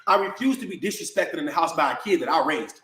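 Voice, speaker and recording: A man's voice: fairly high pitch, animated, quick pace, bright, forceful tone, reverberant. A man venting in a heated rant to the camera, indignant and repetitive, calling his viewers bro. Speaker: vlogger.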